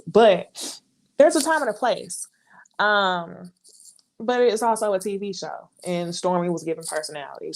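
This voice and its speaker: A woman hosting a casual live recap, chatty and exasperated, talking straight to her viewers. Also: mid-range voice. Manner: breaks into laughter and brief mimicry of others. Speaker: reality TV recap host.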